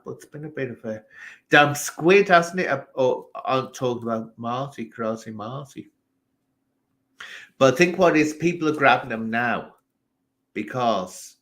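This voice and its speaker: English guy on a live stream, ranting away at the chat, animated, answers viewers back. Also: mid-range voice. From England. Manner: animated, ranting, talks straight to chat members.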